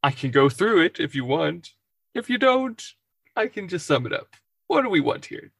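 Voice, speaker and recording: A man's voice: high-pitched, big pitch swings, moderate pace, gravelly, fairly bright tone, breathy edge, dry recording, clean studio sound, voice pushed up, full character voice. A man voicing a friendly old male lion who is secretly Santa, fumbling his explanations. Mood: flustered.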